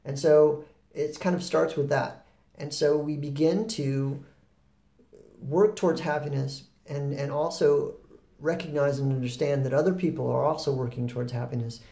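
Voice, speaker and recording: Guy talking through ideas, gravelly mellow voice, kinda echoey room, lots of ums. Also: on the high side, normal speed. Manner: relaxed, rambling, with fillers and restarts. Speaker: spiritual talk host. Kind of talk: reflective spoken talk.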